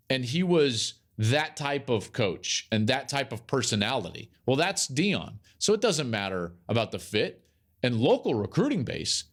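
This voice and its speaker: A man hosting a sports podcast, giving emphatic solo commentary and repeating key phrases for effect. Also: fairly high pitch. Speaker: podcast host and college football analyst.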